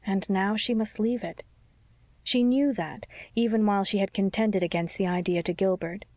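A woman narrating a classic novel as an audiobook, with a measured and gentle delivery. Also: mid-range voice, dry recording. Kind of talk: scripted narration.

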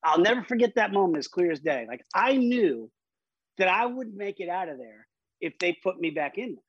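Husky-voiced man telling a story. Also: sits high, big pitch swings, moderate pace, no room sound, dull audio. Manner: vivid, emphatic retelling with frequent restarts. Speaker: interview guest. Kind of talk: personal storytelling in conversation.

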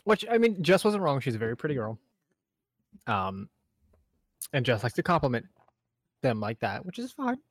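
A man's voice: mid-range voice, very animated, moderate pace, pauses often, no echo. A young man co-hosting a podcast, telling a funny story with lots of laughter. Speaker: podcast co-host. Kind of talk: casual storytelling.

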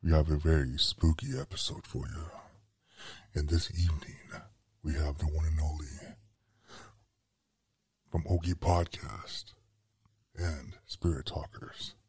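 A man voicing a creepy male horror show announcer as a podcast host, husky and slow. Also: extremely low pitch, expressive, a little mellow, dry recording, voice pushed down, exaggerated voice. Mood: spooky. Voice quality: gravelly, husky. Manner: slow drawn-out spooky delivery.

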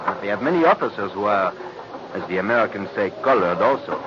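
An actor playing a gracious French artillery captain with a French accent in a 1940s radio drama, formal and philosophical. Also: male voice, on the low side, animated, quick pace, noisy background, lightly acted. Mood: courteous. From France. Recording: dull lo-fi old radio recording.

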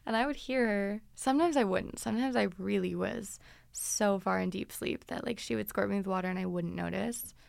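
A woman's voice: medium pitch, brisk, gravelly, dry recording, clean studio sound. A woman in her twenties casually telling stories from her teens as a podcast host, chatty and dramatic. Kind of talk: casual storytelling.

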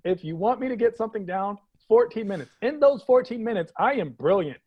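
A man's voice: high voice, expressive, highs cut off. A man from Washington, D.C., a comedian guest riffing playfully on a podcast interview. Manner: playful, jokey, quick asides and put-on voices.

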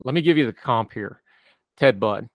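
A man's voice: mid-range voice, expressive, moderate pace, dry recording. A man co-hosting a casual political discussion, adding wry, conversational asides.

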